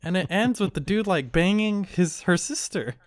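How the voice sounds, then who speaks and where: A man's voice: high-pitched, animated, moderate pace, no echo. Rambling, laughing male podcast co-host. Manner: rambling storyteller, laughs often, acts out quoted lines. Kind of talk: casual chat.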